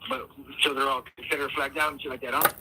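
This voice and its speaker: A man's voice: mid-range voice, level tone, fast, pushed and bright, a little hiss or hum, rough recording. A laid-back man from California chatting casually and asking follow-up questions. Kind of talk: casual chat.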